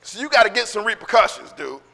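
Give me a high, bright-voiced male pastor preaching. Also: sing-song, fast, creaky, long reverb tail. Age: middle-aged. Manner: conversational preaching with acted-out quotes and laughter. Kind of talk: sermon.

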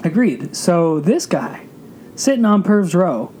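A man speaking on a podcast in a dark, mellow voice, telling stories in a relaxed, wry tone. Faint background hiss runs under him. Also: sits high, slow pace. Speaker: podcast guest, wrestling promotion announcer. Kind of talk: casual podcast chat.

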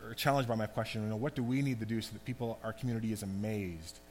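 A man giving a conversational, animated sermon as pastor. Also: fairly low pitch, quick pace. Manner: conversational, animated preaching with asides. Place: church hall. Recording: long hall reverb, faint hum.

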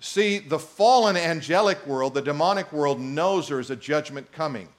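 A man preaching a sermon as a pastor, reading scripture aloud and joking with the congregation in an animated way. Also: fairly high pitch, moderate pace.

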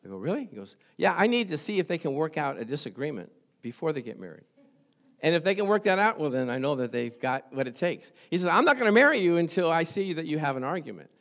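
Male pastor, middle-aged, loose conversational sermon, voice pitched a bit high, laughs often. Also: sing-song, fast talker, a bit bright. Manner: conversational preaching with frequent laughs and "praise the Lord".

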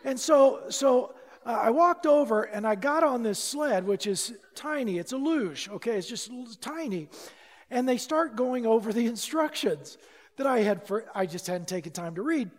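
A man preaching a sermon, telling a lively personal story and acting out the dialogue, sometimes shouting at the dramatic moments. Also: very high voice, moderate pace, in a large hall. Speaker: pastor.

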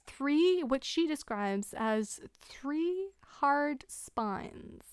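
A woman's voice: high voice, very slow, dry recording. A woman hosting a podcast, recapping a book in casual chat with sarcasm and frequent laughter, close to the microphone. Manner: sarcastic, laughs often, animated retelling. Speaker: podcast host.

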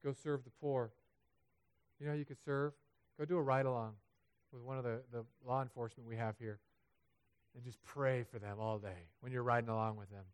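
A man preaching a sermon as pastor, animated and humorous, building to loud, emphatic peaks. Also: medium pitch, a little fast, clear, resonant tone. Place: church sanctuary.

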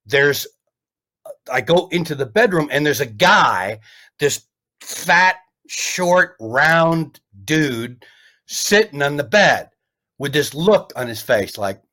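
Brief: fairly high-voiced male comedian, rambling, animated storyteller. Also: slow. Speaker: comedian guest. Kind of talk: casual storytelling chat.

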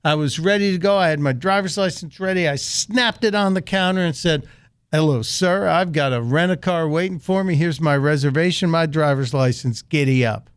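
A man's voice: on the high side, moderate pace, clean tone, no room sound, studio quality. A middle-aged American man hosting a radio talk show, telling a story and acting out the voices he quotes. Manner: animated, acts out quoted voices. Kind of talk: storytelling monologue.

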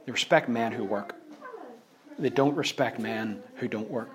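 A man with a Northern Irish accent preaching a sermon, driving points home by repeating phrases and swinging between hushed asides and loud stresses. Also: medium pitch, measured pace, slightly rough.

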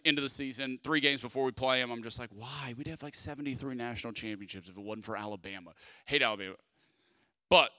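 A young man preaching a sermon in a lively, conversational way, swinging from loud bursts to quiet asides. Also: mid-range voice, no echo, clean studio sound. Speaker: pastor.

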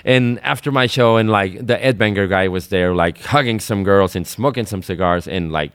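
A man, speaking in a very low, smooth voice as he co-hosts a radio chat. He wanders through stories with plenty of "like" and "um" and laughs along the way. The studio sound is close and dry. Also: moderate pace, a bit bright, no room sound. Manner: rambling storyteller with many fillers, laughing often. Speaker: radio show co-host. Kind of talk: casual chat.

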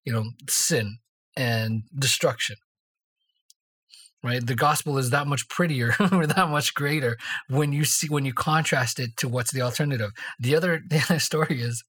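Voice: mid-range voice, moderate pace, fairly bright tone, breathy edge. Chatty co-host storyteller, mid-range voice, rambling, lots of "right?". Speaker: podcast co-host. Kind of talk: casual faith discussion.

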